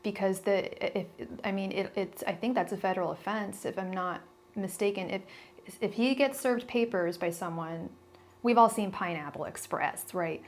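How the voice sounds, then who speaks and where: A woman's voice: medium pitch, moderate pace, slight background noise. Young female tarot reader, casual and blunt, chatty live-stream talk with stumbles. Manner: chatty, blunt, many restarts and fillers.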